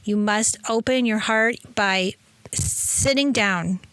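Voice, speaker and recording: An energetic woman hosting a spiritual podcast, talking in a rambling, effusive monologue. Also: mid-range voice, slow, smooth, no echo. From Italian heritage. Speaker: spiritual teacher and podcast host. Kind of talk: casual inspirational monologue.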